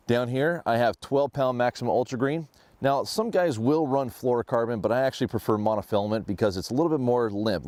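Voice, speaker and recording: A man hosting a fishing show, giving a steady, explanatory walkthrough of his fishing gear. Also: on the low side, dry recording.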